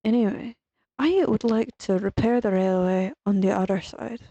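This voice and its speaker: A woman's voice: mid-range voice, normal speed, warm tone, dry recording, dull audio. A woman from Ireland with an Irish accent, rambling casually while she plays a game and swearing freely. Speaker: streamer. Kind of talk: casual gaming chat.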